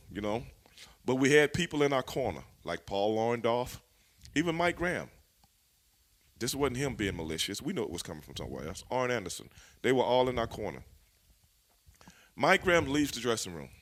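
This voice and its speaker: Animated, profane male wrestler storyteller. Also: fairly low pitch. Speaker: former pro wrestler, interview guest. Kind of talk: casual storytelling interview.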